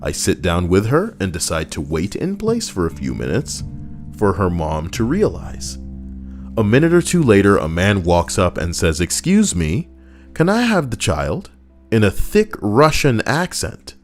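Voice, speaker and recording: Male streamer, deep and expressive, casual sarcastic chat over faint music. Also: normal speed. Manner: animated, sarcastic, jokes with chat. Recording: soft background music.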